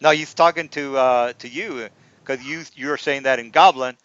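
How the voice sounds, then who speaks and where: A man's voice: mid-range voice, normal speed, fairly bright tone, smooth, dry recording. A man narrating a tabletop game as game master, rambling and repeating himself with many fillers. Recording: dull lo-fi recording.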